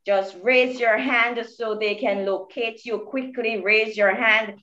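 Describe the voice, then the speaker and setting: A woman's voice: on the high side, fairly even intonation, slow pace, pushed and bright, highs cut off. A Jamaican woman hosting an online prayer meeting, calling on speakers and praising aloud. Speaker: prayer call host.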